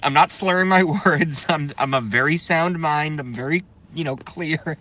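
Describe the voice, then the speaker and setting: A man's voice: on the high side, moderate pace, sharp tone. A man doing a comedic, profane live stream rant, keeps breaking into laughing fits. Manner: profane, sarcastic.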